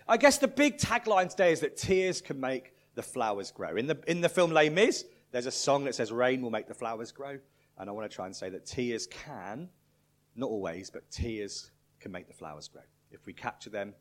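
A man preaching in a church, telling a story and swinging from loud to hushed. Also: medium pitch. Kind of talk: sermon with storytelling.

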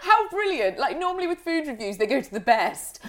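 A woman co-hosting a casual chat, answering with quick laughing reactions and dry quips. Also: sits high, very animated, slight background noise. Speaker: podcast co-host.

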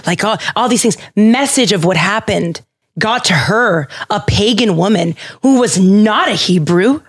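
A woman hosting a podcast, retelling a story in a casual, playful and animated way, with jokes and restarts. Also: mid-range voice, a little slow, husky. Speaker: podcast host.

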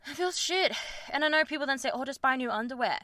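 A woman's voice: sits high, expressive, fast talker, pushed and bright, dry recording, clean studio sound. A young woman, hosting a podcast and talking frankly and rambling about her personal life, with lots of fillers and self-conscious laughs. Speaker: podcast host. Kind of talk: candid personal chat.

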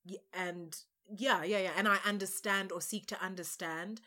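A woman from Uganda co-hosting a casual podcast chat, her voice sitting at a middle pitch. She talks candidly and expressively, dropping the odd swear word without fuss. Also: steady tone, moderate pace, bright, forceful tone. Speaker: podcast co-host.

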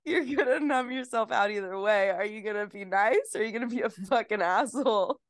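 A woman's voice: medium pitch, a little fast. Young woman cracking blunt jokes. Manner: laughs often, blunt wisecracks. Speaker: podcast co-host. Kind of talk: casual chat.

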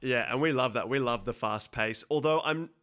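A male podcast host, asking questions in a relaxed way and laughing often. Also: medium pitch, moderate pace. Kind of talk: casual interview chat.

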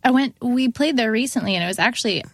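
A woman's voice: on the high side, quick pace, no echo. A young woman, a musician guest on a podcast, telling a story casually and acting out what people said in a raised voice. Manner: animated, acts out quotes in a raised voice, many fillers of "like".

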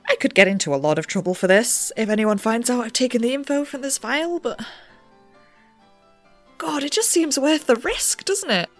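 A woman's voice: fairly high pitch, lively intonation, normal speed, soft background music, lightly acted. A woman playing a nervous young researcher who bends the rules and narrates in a rambling, self-deprecating way. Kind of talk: audio drama narration.

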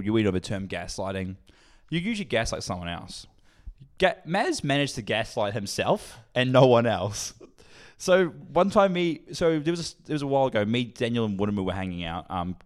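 A man's voice: lowish voice, moderate pace. A young man, co-hosting a casual podcast, telling a story with lots of laughs, swearing and acted-out quotes. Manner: animated, swearing, laughs a lot, acts out quotes. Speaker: podcast co-host.

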